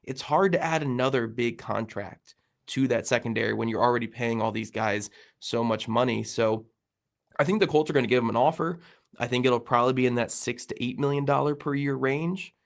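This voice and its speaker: A man's voice: medium pitch, brisk. A man hosting a sports podcast, talking casually with a nasal, congested voice from a cold. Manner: gravelly, conversational with frequent fillers. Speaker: podcast host.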